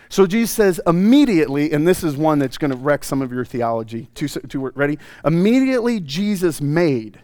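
A man preaching a sermon as a pastor, telling the story in a comic, animated way with playful asides. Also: fairly high pitch, brisk, few pauses, no room sound. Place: church sanctuary.

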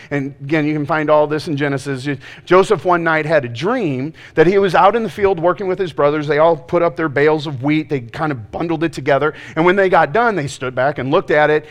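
Joking man preaching a sermon. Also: on the high side. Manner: joking, conversational, self-deprecating. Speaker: pastor.

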